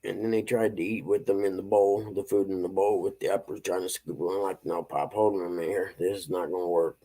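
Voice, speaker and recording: A man's voice: sits low, fairly even intonation, fairly quick, warm tone. A man in his fifties hosting a casual morning live stream, chatting with viewers in a laid-back way and chuckling often. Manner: laid-back, chuckling, reads chat aloud.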